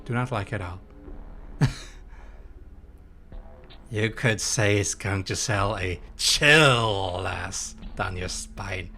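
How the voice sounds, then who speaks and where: A young man giving live commentary on a horror game, excitable and quick to swear and yelp at scares while reading his chat aloud. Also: fairly low pitch, soft background music. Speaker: streamer playing a horror game.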